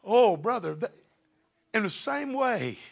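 A middle-aged man preaching a sermon with fervor, building to shouted passages. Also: high voice, big pitch swings, slow pace, gravelly.

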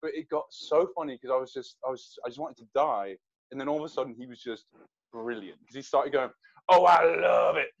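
A man, a guest actor, telling an animated story in a casual interview, with hesitant restarts. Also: mid-range voice, quick pace, lo-fi sound.

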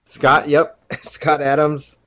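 A man co-hosting a podcast in casual chat, halting and often restarting his sentences. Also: on the high side, completely flat delivery, pushed and bright, no echo. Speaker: podcast co-host.

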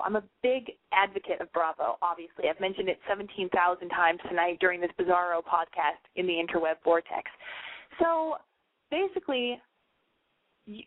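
A woman's voice: fairly low pitch, expressive, brisk, no echo. Casting: woman radio host, brash and profane, a bit tipsy, dry phone-like lo-fi sound. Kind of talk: casual advice call-in show.

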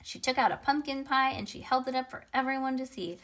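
A woman reads a children's chapter book aloud. Her delivery is lively and expressive, with the odd small slip. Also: sits high, a little fast, hardly any pauses.

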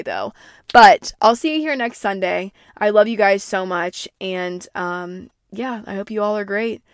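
A woman's voice: medium pitch, vocal fry, dry recording, studio quality. A young woman in her twenties, a podcast host, telling a story in a brash, profane, gossipy way and acting out what people said. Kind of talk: casual storytelling monologue.

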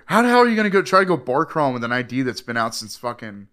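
A man's voice: mid-range voice, very animated, rapid-fire, fairly bright tone. A young man, a podcast guest who works as a bar doorman, telling stories in casual chat, swearing and laughing often and acting out other people's voices.

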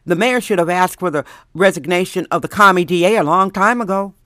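A woman's voice: fairly low pitch, a little fast, bright, forceful tone, dry recording, clean studio sound. Middle-aged woman host for a solo rant podcast; blunt, emphatic, drawn out, clean resonant tone. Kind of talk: ranting opinion podcast.

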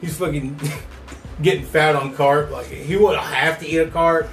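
A man co-hosting a podcast, spinning rambling, animated stories peppered with curses. His voice sits a bit high for a man. The talk is loose, casual riffing. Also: unhurried, echoey room, noisy background. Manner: rambling, profane, animated storytelling. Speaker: podcast co-host.

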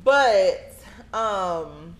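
A woman's voice: animated, very slow, a little hiss or hum. Laid-back woman hosting in an echoey room. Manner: laid-back, drops into low murmurs, loose slang. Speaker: podcast host. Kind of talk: casual chat. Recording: echoey room, faint ambience.

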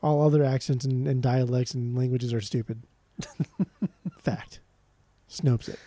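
A man's voice: mid-range voice, fairly even intonation, slow pace, warm tone. A man co-hosting a podcast, sarcastic and profane, ranting jokingly in casual chat. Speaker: podcast co-host.

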